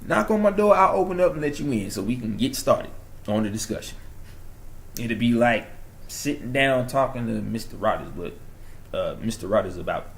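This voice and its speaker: A young channel host from New York, his voice lowish and his speed normal, delivers an excited, preachy monologue directly to his viewers, moving back and forth between loud and hushed.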